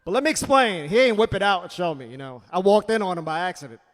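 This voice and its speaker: A man doing a stand-up comedy set on a club stage, punchy and loud, with asides to the crowd. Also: sits high, expressive, fast talker. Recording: reverberant comedy club hall.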